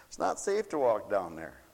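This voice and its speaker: A man preaching a fiery, folksy sermon. He swoops between loud declarations and mocking asides. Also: fairly low pitch, vocal fry. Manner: folksy, shouting and swooping, mocks voices. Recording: long hall reverb.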